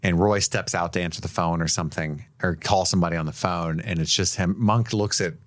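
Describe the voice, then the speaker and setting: A man co-hosting a casual movie-review podcast, enthusiastic and quick to agree. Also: deep voice, fairly even intonation. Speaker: podcast co-host.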